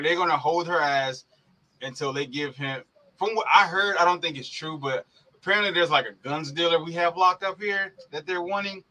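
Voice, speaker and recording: This podcast co-host is a young man whose slightly high voice sounds pushed and bright on a rough recording. Laughing through his rants, he gets heated and swears freely on the casual sports show.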